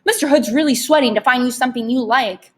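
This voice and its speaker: Rictus is a woman putting on a sly, cocky male tempter who talks like a pushy salesman. Each offer comes high and loud, and the voice has a breathy, husky edge. It is a storybook villain, all coaxing and patter. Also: fast talker. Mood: wheedling.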